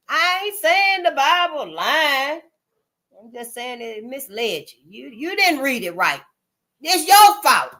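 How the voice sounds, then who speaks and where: On her channel, this woman delivers casual commentary straight to her audience in a high, sharp voice. She's blunt and emphatic, swears without restraint, and circles back to her points to drive them in.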